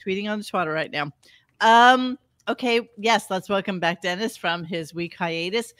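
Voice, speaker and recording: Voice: mid-range voice, a bit bright, no room sound. Podcast host, rambling casual chat, plenty of fillers, dry close mic. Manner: rambling, halting with fillers and restarts.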